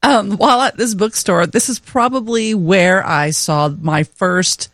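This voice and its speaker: A woman's voice: medium pitch, unhurried, fairly bright tone, no echo. A woman in her forties co-hosting a podcast in casual chat, chatty and self-mocking, laughing often. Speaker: podcast co-host.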